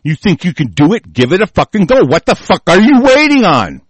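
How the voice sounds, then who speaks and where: A man's voice: sits high, sing-song, brisk, breathy edge, no room sound. A man hosting a talk show, delivering a furious, profane and confrontational political rant.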